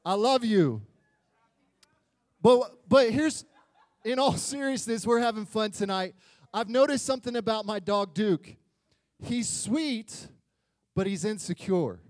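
High-voiced, animated male pastor. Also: slow pace, pauses often, no room sound. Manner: animated and joking, swinging between loud and quiet. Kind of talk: sermon.

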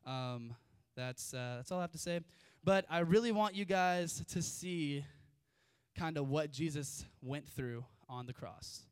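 A man's voice: fairly high pitch, unhurried, clear, resonant tone, dry recording, clean studio sound. A young man preaching a casual sermon, reading scripture with chatty, informal asides. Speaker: youth preacher.

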